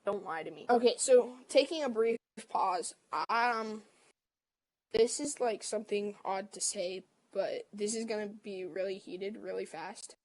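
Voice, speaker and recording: Woman streamer with a mid-pitched voice, chatty storyteller who quotes every message fast. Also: low-quality recording. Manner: retells text arguments quickly, quoting both sides. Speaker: livestream host. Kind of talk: casual storytelling on a livestream.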